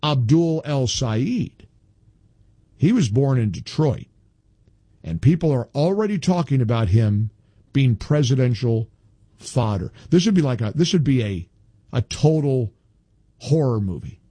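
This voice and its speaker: A man's voice: medium pitch, sing-song, unhurried, pauses often, mellow, no echo. A man hosting a talk radio show, combative and insistent, hammering points home by repeating phrases.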